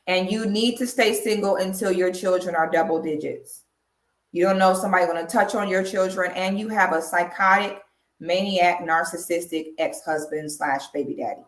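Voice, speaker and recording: A woman's voice: fairly low pitch, normal speed. A woman giving blunt, emphatic casual commentary to a live audience, calling her viewers girl and y'all, from her home. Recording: echoey room.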